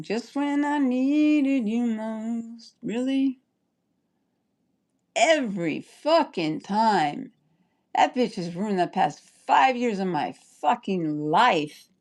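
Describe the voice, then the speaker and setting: A woman's voice: on the low side, darkish tone. Woman ranting heatedly, swearing constantly. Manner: heated, profane, rambling. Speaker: livestreamer. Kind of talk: angry livestream rant.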